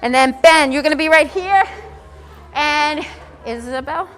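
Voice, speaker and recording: A woman leads a room of children through exercises, with a very high, bright voice and upbeat counting. Her voice rings with a long reverb from the hall around her. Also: measured pace. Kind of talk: leading a kids' exercise session.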